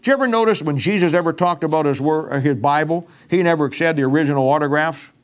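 Man, preacher, folksy sermon talk, emphatic, somewhat high voice. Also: fast talker. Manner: folksy, emphatic, with frequent restarts. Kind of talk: sermon-style Bible teaching.

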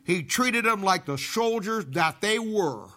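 A man preaching a sermon, telling a Bible story in a folksy, animated way with casual army slang. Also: high-pitched, unhurried.

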